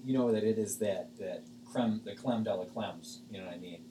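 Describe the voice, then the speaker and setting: Low-voiced man narrating as game master. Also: brisk, a crowd in the background. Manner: casual, rambling, many fillers. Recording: echoey room, far from mic.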